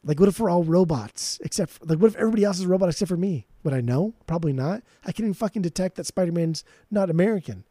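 Animated ranting man with a mellow voice. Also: high-pitched, racing, hardly any pauses, no echo. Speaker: podcast co-host. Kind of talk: casual music podcast chat.

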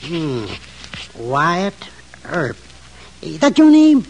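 A nosy old hotel clerk. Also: male voice, a little high, wildly swooping pitch, drawn-out words, dull audio, heavily acted. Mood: gossipy. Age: older. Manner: gossipy, nervous, chuckling old-timer drawl. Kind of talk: 1950s radio drama acting. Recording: old radio broadcast with faint noise.

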